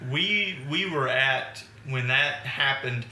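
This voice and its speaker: Bright-toned man in an echoey room. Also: medium pitch. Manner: teasing, questioning, drawn-out. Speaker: podcast co-host. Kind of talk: casual chat. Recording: echoey room with faint background noise.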